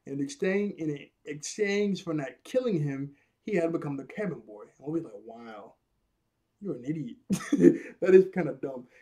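Mellow man rambling in casual commentary. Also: fairly high pitch, animated, moderate pace. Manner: rambling, laughs often at his own jokes. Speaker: anime episode reviewer.

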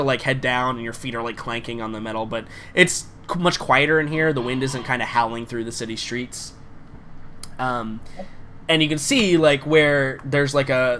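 A man's voice: mid-range voice, a bit bright, slight background noise. A man narrating a tabletop role-playing game as game master, loose and rambling with many fillers.

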